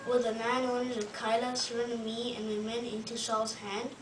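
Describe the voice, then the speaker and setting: A woman reading the part of a man named David, praying slowly and earnestly. The voice is higher than usual and stays flat, picked up from a distance in a roomy hall with faint background ambience. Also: noisy background, natural voice. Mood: pleading. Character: David, a man pleading in prayer.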